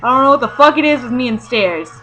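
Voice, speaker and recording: Young woman vlogging, swears constantly, laughs at herself, bright kinda high voice, bit of music in the background. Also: animated, quick pace, poor audio. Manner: sweary, rambling, self-mocking. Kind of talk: casual storytelling to camera.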